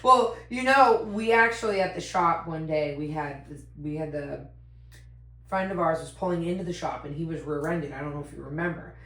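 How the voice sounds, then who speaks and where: A woman with a fairly low voice hosts a casual podcast chat, telling stories in an animated way and laughing easily. Her voice sounds roomy, with echo from the room around her. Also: moderate pace. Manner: animated, laughs often, acts out quotes. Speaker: podcast host.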